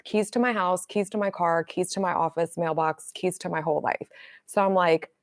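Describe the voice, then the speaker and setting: A middle-aged woman coach talking casually on a livestream, blunt and animated, swearing freely as she tells stories. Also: on the low side, normal speed, dry recording. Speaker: manifestation coach.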